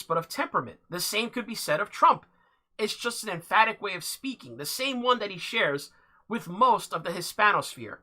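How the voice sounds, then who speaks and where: Host of a political commentary livestream, bright timbre, mid pitch, reads a piece aloud steadily. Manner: halting, with many fillers and restarts.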